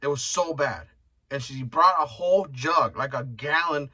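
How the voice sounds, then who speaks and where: A man's voice: medium pitch, moderate pace, sharp tone, breathy edge, low-quality recording. A young man hosting his own podcast, telling rambling stories in a loose, profane, joking way. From Mexican heritage. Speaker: podcast host. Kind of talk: casual solo podcast rant.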